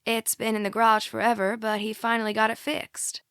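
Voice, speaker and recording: A woman's voice: a little high, little pitch movement, fairly quick, fairly bright tone, clean tone, dry recording, clean studio sound, lightly acted. A woman voicing a nervous, fragile mother with a Georgia drawl who talks in a polite, strained way, in an audiobook.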